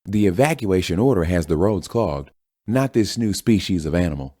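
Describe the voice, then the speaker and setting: A man's voice: sits low, animated, normal speed, warm tone, breathy edge, pitched above the performer's own voice. A man voicing a folksy partisan male senator giving combative speeches.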